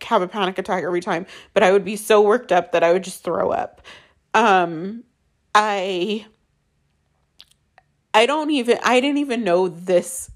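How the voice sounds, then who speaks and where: A young woman, a mother, telling her own painful story candidly, halting often with fillers and restarts. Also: mid-range voice. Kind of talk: emotional personal storytelling.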